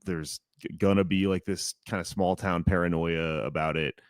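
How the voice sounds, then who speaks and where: Low-voiced man rambling in casual chat. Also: fairly even intonation, moderate pace, no echo. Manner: rambling, loose, many fillers and restarts. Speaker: podcast co-host.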